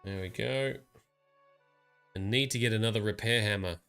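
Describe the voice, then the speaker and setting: A man's voice: fairly low pitch, moderate pace, music in the background. A man giving casual live gameplay commentary as a streamer, chatting and reading lore text aloud.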